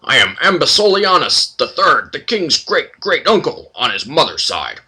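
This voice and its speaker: A man voicing a furious old stooped male minotaur lord from a computer game, ranting and shouting insults in a raised, loud voice. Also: on the high side, big pitch swings, moderate pace, slightly rough, pitched above the performer's own voice, exaggerated voice. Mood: haughty threatening.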